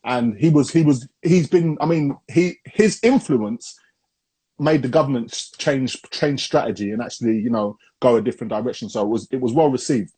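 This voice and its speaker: A man co-hosting a podcast, talking in a slangy, animated way and often repeating himself. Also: medium pitch, moderate pace, breathy edge. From Barbados heritage. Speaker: podcast co-host. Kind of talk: casual chat.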